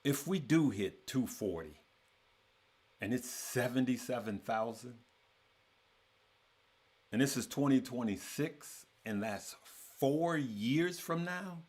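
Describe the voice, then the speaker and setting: A man's voice: mid-range voice, darkish tone. A man hosting a trading course, talking casually to his members and repeating phrases for emphasis.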